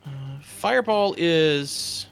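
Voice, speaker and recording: A man at a tabletop game talks his way through the rules, muttering counts of dice and tossing in jokes. His voice is gravelly and swings widely in pitch, sitting a bit high. Faint music plays behind him. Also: expressive, drawn-out words. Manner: thinks aloud, counts dice under his breath, jokey. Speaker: player. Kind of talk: casual tabletop game chat.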